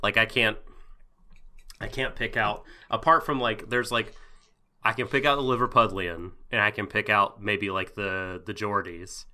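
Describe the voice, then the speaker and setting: A man's voice: lowish voice, steady tone, normal speed, bright, forceful tone. A man hosting a podcast in a jokey, rambling casual chat with lots of fillers. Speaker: podcast host.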